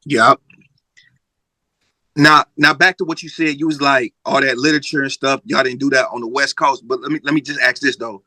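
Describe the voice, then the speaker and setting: A man's voice: medium pitch, fairly even intonation, fairly quick, pushed and bright, no echo. A man hosting a casual interview, asking probing hypothetical questions. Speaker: podcast host.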